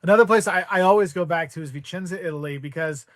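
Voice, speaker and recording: A podcast guest in his forties talks at a quick pace in a high, fairly bright voice, telling rambling travel stories casually and performing the voices he quotes. The recording is studio quality and dry.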